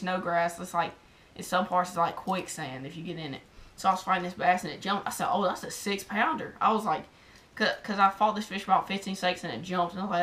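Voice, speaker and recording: A Southern US woman vlogger recounting a story straight to camera, her words tumbling out in an excited, rambling run. Her voice sits a little low for a woman, and "like" fills nearly every phrase. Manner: excited and rambling, heavy use of "like". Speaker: fishing vlogger.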